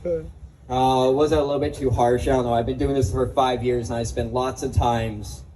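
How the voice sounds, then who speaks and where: A man's voice: mid-range voice, fairly even intonation, moderate pace, warm tone, a little hiss or hum, poor audio. A young man doing a stand-up comedy set at an open mic, self-mocking and swearing, laughing at his own jokes.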